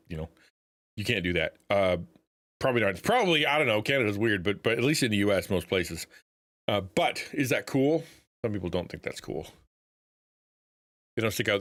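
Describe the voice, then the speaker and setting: Male streamer, lowish voice, loose rambling delivery, dry booth sound. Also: a bit bright, no echo. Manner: rambling, many restarts, quick laughs. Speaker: streamer and Christian content creator. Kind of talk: casual live-stream chat.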